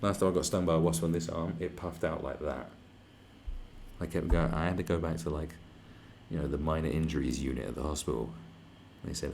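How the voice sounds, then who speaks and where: A young man with a very low, gravelly voice rants crudely on a livestream. He rambles and puts on mock outrage, sometimes dropping into mocking voices. A faint ambient noise hums behind him. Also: a little fast, a little mellow. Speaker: livestream host. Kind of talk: profane comedic rant on a livestream.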